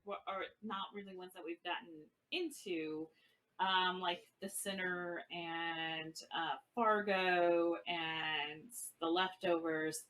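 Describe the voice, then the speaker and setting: A woman in her forties co-hosts a podcast, casually thinking aloud through a film review. Her lowish, a bit bright voice stays fairly even in intonation and takes things slowly, captured in a low-quality recording.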